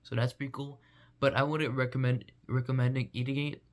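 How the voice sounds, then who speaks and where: A man's voice: mid-range voice, flat delivery, a little fast. A young man vlogging in a rambling, goofy casual monologue full of fillers.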